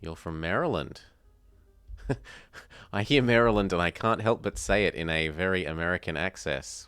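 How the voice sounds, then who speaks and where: A man's voice: deep voice, moderate pace, long pauses, a bit bright, smooth, no room sound. An Australian man from South Australia, chatting casually as he streams a strategy game, thinking aloud and answering viewers. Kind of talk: casual live gameplay commentary.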